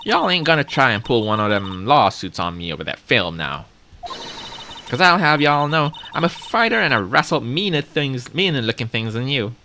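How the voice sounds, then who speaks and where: A streamer voicing a brash Southern woman photographer with an exaggerated put-on drawl, scolding and quick to bristle. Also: mid-range voice, sing-song, sharp tone, a little hiss or hum. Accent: American Southern, put on.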